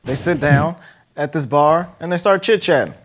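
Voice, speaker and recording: A man's voice: on the high side, moderate pace. A man co-hosting a podcast, recapping a film in casual chat and laughing often as he tells the story. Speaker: podcast co-host.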